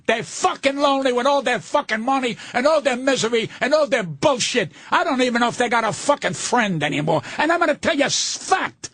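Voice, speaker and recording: An older man, a guest comedian on a radio talk show, telling indignant, profane stories in a loud ranting way. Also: extremely high pitch, expressive, fairly quick, few pauses, no echo. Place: radio studio.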